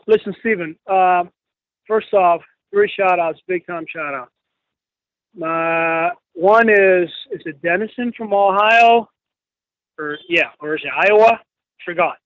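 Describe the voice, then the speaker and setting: A man in his fifties calling in, friendly and chatty, giving shout-outs. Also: high voice, slow pace, no echo, narrow, tinny audio. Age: 50s. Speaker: caller. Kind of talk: call-in chat.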